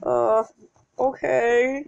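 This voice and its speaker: A woman's voice: on the high side, big pitch swings, drawn-out words, gravelly, a little mellow, dull audio, a little hiss or hum, full character voice. A woman voicing a hesitant young boyfriend.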